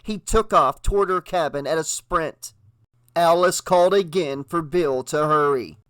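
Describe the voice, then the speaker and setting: A man narrating an audiobook with a dramatic, expressive reading. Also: fairly high pitch, unhurried, no echo. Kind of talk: audiobook narration with character voices.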